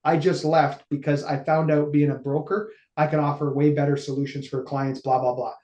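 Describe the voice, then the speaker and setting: Guy, 40s, telling his story in an interview, acts out the quotes, kinda high voice. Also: moderate pace, highs cut off. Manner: animated, acts out quoted dialogue. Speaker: interview guest, financial services executive. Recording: echoey room.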